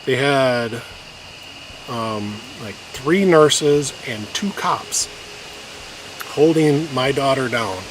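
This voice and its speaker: A man telling an emotional personal story in a halting way, with many restarts, and getting choked up at times. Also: medium pitch. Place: outdoors on a hiking trail. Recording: noisy outdoor recording.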